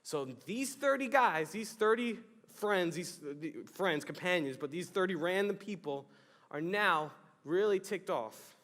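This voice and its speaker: Animated young man preaching in a hall. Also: high voice, unhurried. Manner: animated, jokey storytelling with acted-out exclamations. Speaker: youth pastor. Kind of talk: youth sermon. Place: church youth hall.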